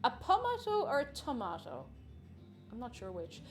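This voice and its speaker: Cooking in her home kitchen on a livestream, a woman giggles, chats casually, and greets viewers by name. Her fairly high voice swings hugely in pitch at normal speed, over faint background music.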